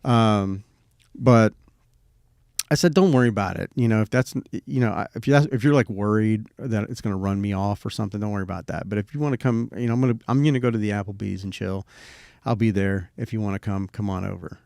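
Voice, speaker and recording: Speaking a little fast with vocal fry and a darkish, lowish voice, a middle-aged man co-hosts a podcast. He tells a personal story casually, rambling and swearing freely, in studio-quality audio without echo.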